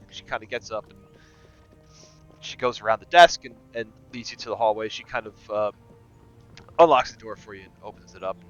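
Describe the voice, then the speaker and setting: A man's voice: fairly low pitch, fairly even intonation, normal speed, pauses often, no room sound, muffled recording, faint music behind. A man narrating as game master in a tabletop game, hesitant and full of fillers.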